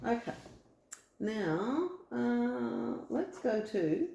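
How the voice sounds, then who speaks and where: A woman's voice: on the high side, big pitch swings, extremely slow, gravelly, dark tone, reverberant, highs cut off, a little hiss or hum. A woman with an Australian accent giving a casual, reassuring tarot reading from home, rambling with fillers. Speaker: tarot reader. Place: home room.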